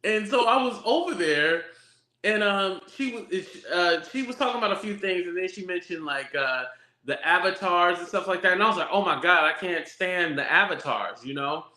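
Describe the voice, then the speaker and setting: A man's voice: sits high, moderate pace, sharp tone, reverberant. A man hosting a casual chat who tells stories in an incredulous tone. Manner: storytelling, incredulous, laughs easily. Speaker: host.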